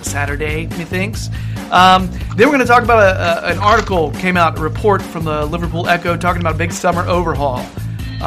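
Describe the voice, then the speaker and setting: A young man with a drawl hosts a loose, chatty podcast. He rambles, laughs often and swears in an offhand way, and his voice sits slightly high. Faint music plays underneath. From American South. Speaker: podcast host. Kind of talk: casual podcast chat.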